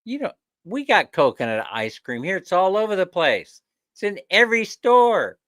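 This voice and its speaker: A man's voice: high voice, big pitch swings, normal speed, fairly bright tone, no echo, clean studio sound. A man voicing an eager adult male friend who insists in an everyday voice. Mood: insistent.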